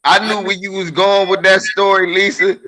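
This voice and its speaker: A man's voice: sits high, normal speed, slight background noise. A middle-aged man in a casual chat, swearing freely and laughing as he tells stories about his kids. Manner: profane, laughing, animated storyteller.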